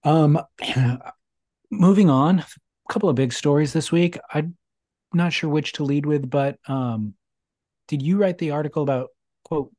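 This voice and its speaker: Podcast co-host, man, wry and joking, mellow voice, dry room sound. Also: a little high, dry recording. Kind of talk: casual chat, reading listener mail.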